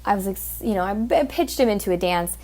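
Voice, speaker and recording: A woman's voice: mid-range voice, expressive, fast, dark tone. A woman hosting a podcast, telling a story in a blunt, heated, profane way and mimicking the people in it. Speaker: podcast host. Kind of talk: casual storytelling monologue.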